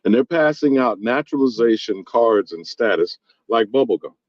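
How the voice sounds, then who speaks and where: A man's voice: medium pitch, animated, normal speed, a little mellow, dry recording. A man in a casual discussion, asking probing questions. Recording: dull lo-fi audio.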